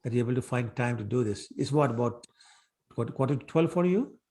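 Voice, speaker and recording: A man ending an online class and chatting warmly, often repeating himself. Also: mid-range voice, expressive, fairly quick. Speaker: class teacher. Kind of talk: end of an online class, casual chat. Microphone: video call.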